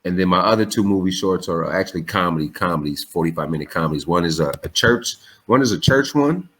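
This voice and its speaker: A man in his forties, a comedian guest on a remote call, telling stories in a casual, profane way and jumping up in pitch when he quotes himself. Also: fast. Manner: animated, profane, jumps high for quoted lines. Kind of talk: casual storytelling interview.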